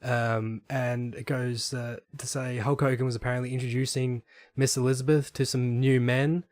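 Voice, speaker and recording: A man's voice: medium pitch, little pitch movement, moderate pace, darkish tone, no echo. A young man, a podcast guest, telling stories in a casual chat with easy laughs. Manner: storytelling, laughs into impressions.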